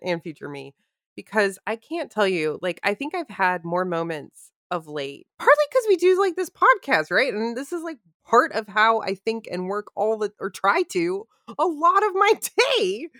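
A woman's voice: medium pitch, a bit bright, dry recording, studio quality. A woman co-hosting a casual podcast, thinking aloud in a reflective way with frequent restarts, asides and laughter. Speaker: podcast co-host.

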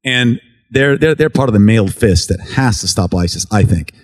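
A man's voice: on the low side, animated, normal speed. A man from the United States, a relief worker giving a mission report to a church, telling stories in an earnest, conversational testimony style and acting out what people said. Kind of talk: storytelling testimony talk.

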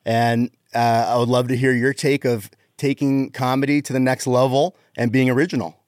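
A man's voice: medium pitch, flat delivery, normal speed, darkish tone, dry recording, studio quality. A man hosting a podcast, welcoming a guest with a self-deprecating manner. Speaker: podcast host. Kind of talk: casual podcast chat.

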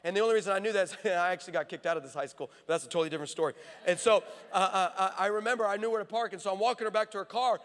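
A preacher man delivers a sermon full of animated, playful stories, often cutting himself off and starting again. His voice sits high for a man. A long reverb fills the large armory hall around him. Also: racing, hardly any pauses. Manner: animated, playful storytelling with frequent self-interruptions. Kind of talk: sermon with comic storytelling.

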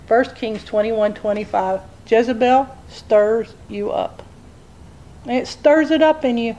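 A woman preaches in a high, bright register. She tells a personal story folksy and animated, the way a sermon runs. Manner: animated, folksy storytelling, jumps into high voices for quoted people.

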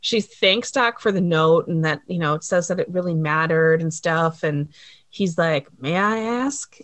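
A woman with a fairly low voice, casually recapping a TV episode in an animated way. She laughs often and jumps into the characters' lines as she goes. The sound is dry and close to the mic. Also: normal speed, no room sound. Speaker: podcast co-host recapping a TV episode. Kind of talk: casual chat.

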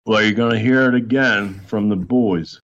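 A man's voice: fairly low pitch, normal speed, fairly bright tone, muffled recording. A man ranting in a heated, profane, mocking way during a podcast chat. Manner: foul-mouthed, heated, mocking.

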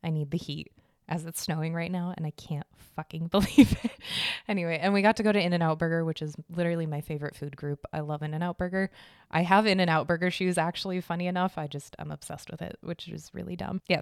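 Young woman, podcast host, casual chat, swears a lot, smooth voice, dry close sound. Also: fairly low pitch, no echo. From Arizona. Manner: chatty, swears freely, laughs often. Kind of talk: casual life-update chat.

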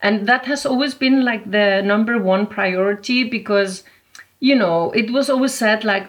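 A woman speaks in a mid-range voice, chatty and relaxed in conversation. She leans on fillers like "you know" and "like" as she answers. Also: medium pitch, moderate pace. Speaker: interviewee, competition volunteer.

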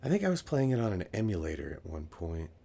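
A man co-hosting a podcast in relaxed casual chat, his voice hoarse from having lost it. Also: low voice, fast talker. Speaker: podcast co-host, voice actor.

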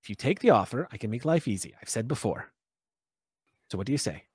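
Voiced by a man, this is a shady male opportunist who talks in a persuasive, wheedling way. His voice jumps around with a lively, slightly high pitch. The sound is dry and close. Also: brisk, dry recording, close to an everyday voice. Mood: scheming.

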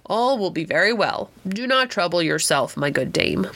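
A woman voicing a wise, grave elder male stranger who speaks slowly, solemnly and kindly in a storybook reading. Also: fairly low pitch, lively intonation, fairly bright tone, a little hiss or hum.

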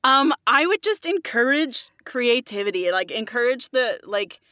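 A woman's voice: a little high, animated, a little slow, sharp tone, no echo, studio quality. A woman who works as a voiceover artist, talking earnestly in a casual interview and often saying "like". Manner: earnest, fillers like "like".

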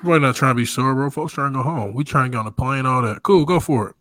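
A man co-hosting a casual sports podcast, animated and peppering his talk with "bro". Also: mid-range voice, quick pace. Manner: animated, says bro often. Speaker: podcast co-host.

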